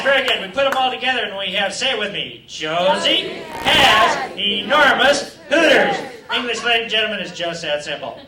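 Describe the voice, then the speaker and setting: A man's voice: high-pitched, distant mic. A man doing a stand-up set in a comedy club, teasing the crowd with crude jokes. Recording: roomy club taped from afar, loud crowd.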